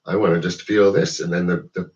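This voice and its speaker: Low-voiced man ranting off mic. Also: fairly even intonation, brisk, a little mellow, far from the mic, highs cut off. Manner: rambling, profane, heavy with "like" and "you know". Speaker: host. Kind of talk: rambling political rant.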